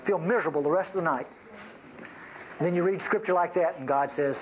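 A man's voice: on the high side, a little fast. A man preaching a folksy, bantering sermon to his congregation, in a dull lo-fi recording. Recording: dull lo-fi recording, faint noise.

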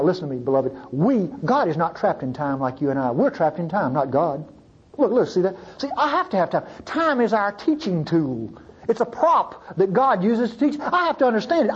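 A man preaching a sermon to a congregation, talking with lively swings between loud urgent stretches and hushed pleading. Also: high-pitched, normal speed, husky, dull audio.

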